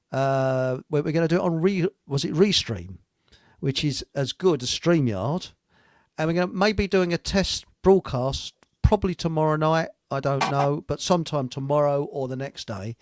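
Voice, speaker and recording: Older male host, slightly high voice, dry close sound, rambling joker. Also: no echo. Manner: rambling joke-telling, chuckles at his own stories. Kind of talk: casual chat on a live internet talk show.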